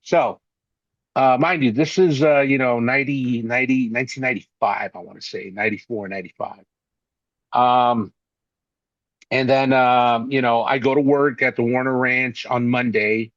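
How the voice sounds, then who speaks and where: A man being interviewed, telling long anecdotes in a casual, animated way and acting out the voices of the people he quotes. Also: mid-range voice, moderate pace, no room sound, dull audio. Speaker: actor and interview guest.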